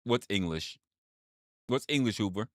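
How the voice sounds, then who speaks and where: A man's voice: on the low side, expressive, measured pace, a bit bright, dry recording, studio quality. A man hosting a livestream, reading chat aloud and reacting with repeated exclamations, swearing and laughter.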